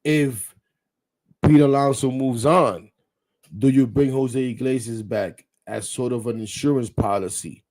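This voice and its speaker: A man's voice: mid-range voice, measured pace, darkish tone. A man hosting a live sports talk show, rambling bluntly, swearing casually and talking straight to his viewers. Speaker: podcast host.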